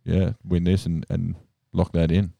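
A man's voice: sits low, completely flat delivery, a little slow, creaky, no echo, muffled recording. An Australian man co-hosting a sports podcast, telling gossipy footy stories in casual chat.

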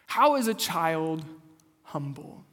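A man's voice: on the high side, big pitch swings, slow, fairly bright tone. A young adult man preaching a sermon in a church, moving from conversational storytelling to earnest exhortation. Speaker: pastor. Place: church sanctuary. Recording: long hall reverb.

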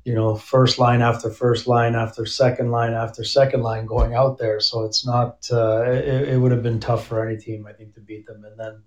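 A man's voice: mid-range voice, level tone, moderate pace, hardly any pauses. A man who is a hockey coach, chatting casually in an interview with many restarts and fillers. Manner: conversational, frequent restarts and fillers. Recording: roomy, dull remote audio.

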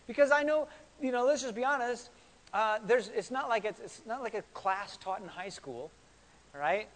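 Male pastor, high voice, chatty sermon delivery with repeated words and questions, reverberant church sound. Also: moderate pace, fairly bright tone. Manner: conversational, repeats words, asks the congregation questions.

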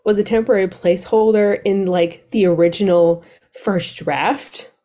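A woman co-hosting a book podcast, reading the intro and chatting in a relaxed, friendly way. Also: mid-range voice, normal speed. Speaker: podcast co-host.

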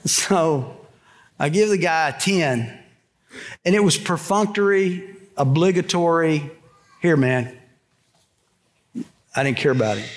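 An older man, a pastor, preaches a sermon and tells a story in a conversational way with restarts. When he reaches quoted lines, his voice drops low and soft.

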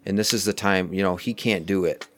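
Deep-voiced man rambling through a film breakdown. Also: fairly even intonation, brisk. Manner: rambling, self-correcting, analytical. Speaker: film review co-host. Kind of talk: casual movie discussion. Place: outdoors near a street.

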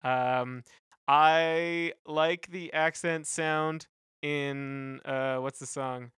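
A man's voice: fairly high pitch, fairly even intonation, extremely slow, a bit bright, clear, resonant tone, no echo, clean studio sound. A man with a Canadian accent co-hosting a podcast, rambling with lots of ums and restarts as he thinks aloud. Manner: rambling, hesitant, umming. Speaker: podcast co-host. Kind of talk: casual podcast chat.

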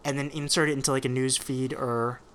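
A man chatting casually as a podcast co-host, animated and swearing freely while he reviews a show. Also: mid-range voice, fairly quick, smooth.

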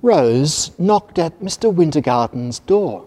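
A man reading a children's picture book aloud, expressive and animated. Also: mid-range voice, unhurried. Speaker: storyteller. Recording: reverberant hall.

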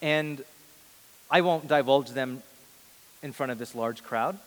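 A man in his thirties preaching a sermon before a large congregation, earnest, moving between loud emphasis and soft, hushed lines. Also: mid-range voice, slow. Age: 30s. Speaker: pastor. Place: large church hall before a big congregation. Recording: long reverb of a large hall.

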